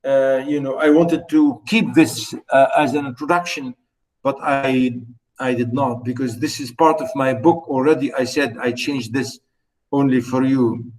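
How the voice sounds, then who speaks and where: A man's voice: medium pitch, steady tone, a little slow, darkish tone, low-quality recording. A man giving a recorded literature lecture, hesitant with many fillers and repeated phrases, stopping to explain words and how to pronounce them.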